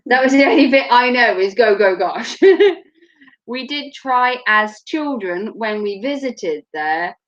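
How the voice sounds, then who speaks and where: A woman's voice: on the high side, animated, a little slow, fairly bright tone. Blunt, joking Norfolk woman on muffled audio. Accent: Norfolk English. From Norfolk, England. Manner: chatty, blunt and joking, laughs often. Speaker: host. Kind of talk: casual chat. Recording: muffled lo-fi recording.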